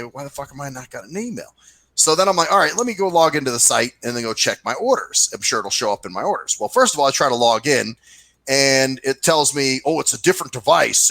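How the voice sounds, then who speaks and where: A man's voice: mid-range voice, gravelly, dry recording, rough recording. A man telling a long, profane rant in casual chat with a friend, putting on voices for the people in his story. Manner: ranting storyteller, animated, swears freely; mimics people in put-on voices. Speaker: podcast co-host.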